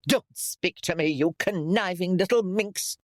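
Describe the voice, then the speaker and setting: A woman's voice: a little slow, no echo, studio quality, lightly acted. A man voicing a haughty, domineering elderly noblewoman in an audiobook, speaking in a cold, imperious way. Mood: indignant. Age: older. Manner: cold, imperious, rising to shrill shrieks. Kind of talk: audiobook character voice.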